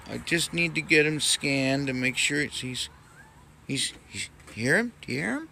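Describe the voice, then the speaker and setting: A man casually rambling in a home vlog, cooing softly at his cats. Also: mid-range voice, a little slow, slight background noise. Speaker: vlogger. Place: home indoors.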